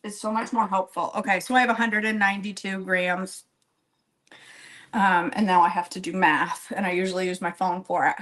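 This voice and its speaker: Here the home baker talks in a mid-range, slightly bright voice with fairly even intonation and a moderate pace, captured on a low-quality recording. She keeps up a rambling, self-deprecating chat with her live viewers while baking, calling them by name and laughing often.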